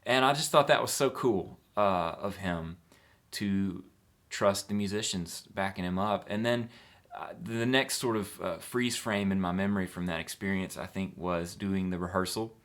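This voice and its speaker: A man's voice: low voice, moderate pace, a bit bright. A man, a singer-songwriter, chatting casually as he answers fan questions, easygoing and rambling with frequent filler sounds.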